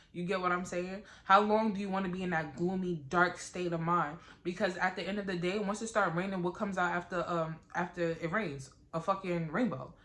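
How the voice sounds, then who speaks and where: A woman, chatting to camera in a blunt, profane, animated way and often asking "you get what I'm saying?". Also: on the low side. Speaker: vlogger. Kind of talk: casual chat to camera.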